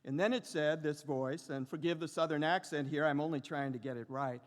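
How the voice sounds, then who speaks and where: A middle-aged man giving a lecture as a professor, speaking slowly and reflectively with lyrical repetitions and pauses. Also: a little high, steady tone. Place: large lecture hall. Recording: long reverb of a large hall.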